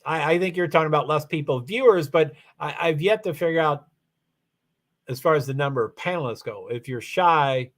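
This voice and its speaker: A man with a faint Kentucky accent talks his way through a casual livestream, addressing viewers at his desk. His voice sits a little high for a man, and he rambles, trailing off and restarting as he goes. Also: fairly bright tone. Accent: faint Kentucky Southern. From Louisville, Kentucky, USA. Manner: rambling, hesitant, many restarts and asides. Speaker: livestream host. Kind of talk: casual solo livestream chat.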